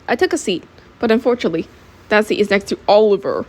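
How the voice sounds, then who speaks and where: A woman's voice: medium pitch, quick pace. A teenage girl reading her own story aloud in a casual, offhand way, giggling at her own jokes. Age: teens. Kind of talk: casual amateur audiobook reading.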